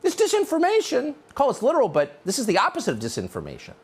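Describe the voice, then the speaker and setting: A man's voice: sits high, huge pitch swings, racing, slightly rough. A man hosting a news commentary show, delivering a sarcastic, indignant opinion monologue.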